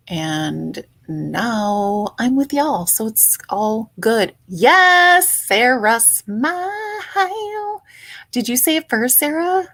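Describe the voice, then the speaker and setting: A woman hosting a casual livestream, greeting chat viewers by name in a chatty, playful way. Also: mid-range voice. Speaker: livestream host.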